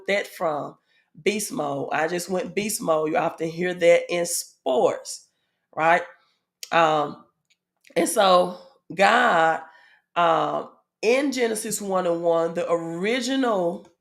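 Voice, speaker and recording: A woman with a Southern US accent giving a casual spiritual teaching, with frequent "um" fillers and checks of "right?" to her audience. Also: on the low side. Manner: asks the audience "right?" often.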